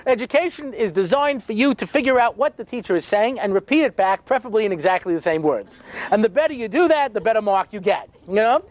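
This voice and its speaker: A man's voice: high-pitched, expressive, fast, low-quality recording. A man speaking as a rabbi, telling stories with wry sarcasm and lots of asides in a humorous lecture.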